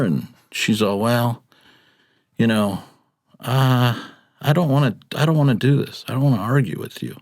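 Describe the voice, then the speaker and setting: A man's voice: mid-range voice, normal speed, darkish tone, no room sound, studio quality. A middle-aged man telling a rideshare story in casual chat, acting out passengers' lines as he goes. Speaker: podcast guest, rideshare driver.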